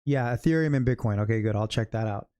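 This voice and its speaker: A middle-aged American man from California hosts a day-trading livestream in a voice on the low side, quick and dark. He chats loosely, jokes as he goes, drifts into stories, and laughs at his own asides.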